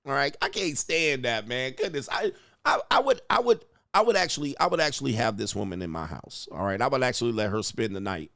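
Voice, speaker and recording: A man hosting reaction commentary in a crude, mocking way. His pitch swings widely as he riffs, and the sound is close and dry, with no room at all. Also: fairly quick, vocal fry, no echo. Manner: profane, mocking, animated. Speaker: host.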